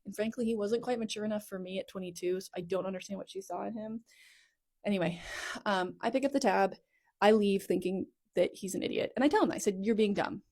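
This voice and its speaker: A woman's voice: medium pitch, fairly quick, a little mellow. A woman in her thirties telling her own story in a casual, rambling storytime style on her phone at home, full of "like" asides and self-corrections. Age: 30s. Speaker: content creator telling her life story.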